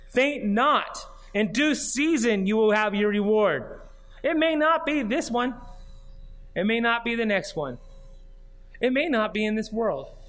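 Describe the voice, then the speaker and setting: A man's voice: high voice, a bit bright. A man, a pastor, preaching a sermon in an earnest way, reading scripture aloud and pressing his points with repeated questions. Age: adult, grew up and did junior high marching band.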